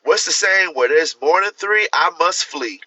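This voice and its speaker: Chatting animatedly on a livestream at a moderate pace, this man has a slightly high, sharp, expressive voice, and he laughs while impersonating the people he quotes. His phone is far off, so the audio sounds dull and lo-fi.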